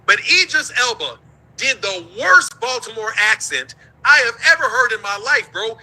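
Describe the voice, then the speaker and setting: A man's voice: extremely high pitch, lively intonation, moderate pace, sharp tone, low-quality recording. A man from the United States hosting a show, ranting in heated, profane commentary and laughing between his points.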